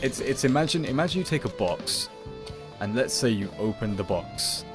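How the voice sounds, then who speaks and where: A man's voice: mid-range voice, animated, normal speed. A man giving playful commentary over his video game play, rambling and jokingly dramatic. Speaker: gaming video creator. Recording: voice over loud game music.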